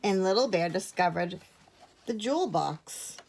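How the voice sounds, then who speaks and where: A woman teacher reading a picture book aloud to children in a gentle, expressive way. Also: mid-range voice, measured pace, creaky, slight background noise.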